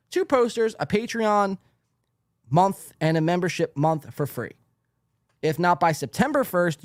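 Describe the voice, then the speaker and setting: Into a studio microphone, a man with a slightly high voice delivers a profanity-laced, mock-indignant podcast rant. The recording carries no room sound.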